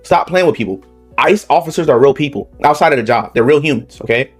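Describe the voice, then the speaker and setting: A man's voice: mid-range voice, lively intonation, quick pace, slightly rough, faint music behind. A man with a Southern Californian accent hosting reaction commentary, talking heatedly and repetitively, ending points with rhetorical "okay?". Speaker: political commentary channel host.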